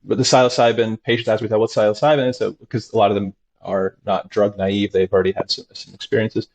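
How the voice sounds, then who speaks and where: A man, a doctor talking as a guest, telling stories animatedly and acting out his patients in sudden high voices. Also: flat delivery, fast talker, lo-fi sound. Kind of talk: animated conversational storytelling.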